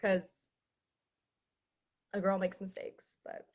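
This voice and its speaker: A woman's voice: medium pitch, monotone, slow pace, a little hiss or hum. A woman hosting a casual video call, apologetic and gushing. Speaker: club executive board member.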